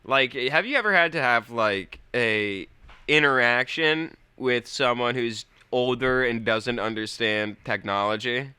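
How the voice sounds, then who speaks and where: A man's voice: medium pitch, unhurried, sharp tone, smooth, no room sound. A young man co-hosting a podcast, telling a rambling story in casual chat and swearing freely. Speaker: podcast co-host.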